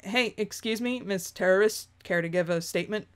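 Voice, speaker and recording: A woman doing a pompous rapid-fire news reporter. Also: medium pitch, smooth, pitched below the performer's own voice, lightly acted. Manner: rapid, formal news-anchor delivery.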